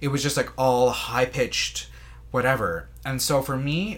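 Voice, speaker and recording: A man's voice: medium pitch, unhurried, fairly bright tone. A man chatting casually as a podcast guest, rambling with many fillers and restarts as he describes things. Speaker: sommelier guest.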